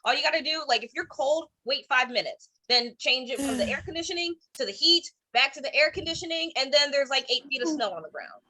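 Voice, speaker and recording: A woman comedian in her thirties from Cleveland, telling stand-up stories online with animated voiced quotes. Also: high-pitched, quick pace, few pauses. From Cleveland, Ohio. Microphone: streaming from home.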